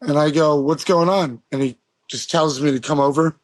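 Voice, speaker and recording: A man's voice: on the high side, steady tone, normal speed, no echo. A man in his forties from Las Vegas, a guest telling stories casually, rambling with fillers and swearing. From Las Vegas, USA. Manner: profane, rambling storyteller with many fillers. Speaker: guest, pro skateboarder. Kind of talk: casual storytelling. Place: podcast studio.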